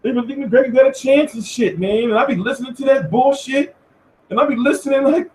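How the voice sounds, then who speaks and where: A man hosting a casual commentary show, talking in an animated, profane rant. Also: very high voice, fairly quick. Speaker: host. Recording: echoey room, far from mic.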